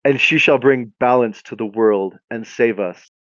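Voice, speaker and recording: A man voicing a solemn bearded male wizard who makes slow, hushed, portentous pronouncements. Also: medium pitch, no room sound, lo-fi sound, natural voice.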